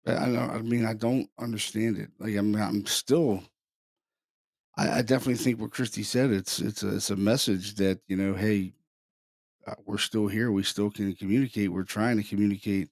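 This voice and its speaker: A man, a podcast host, tells a paranormal experience in a halting, conversational way, repeating words as he goes. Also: lowish voice, fairly even intonation, a little mellow, no room sound, clean studio sound. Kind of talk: casual storytelling.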